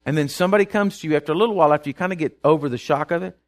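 Male preacher, slightly high voice, stammering repeats, asks the room if they follow. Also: racing. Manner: keeps asking the congregation if they follow; repeats words when restarting. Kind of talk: sermon.

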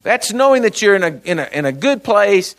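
A man with a notably high voice preaches a conversational sermon, reading scripture between stories. He speaks earnestly in short bursts, restarting phrases and checking that the congregation is following him. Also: very animated, a little fast, a bit bright.

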